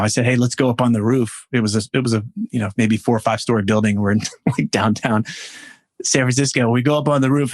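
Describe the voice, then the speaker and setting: A man, a men's coach, speaking as a podcast guest in a reflective, storytelling way with halting restarts. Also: medium pitch, no room sound, clean studio sound. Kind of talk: podcast interview.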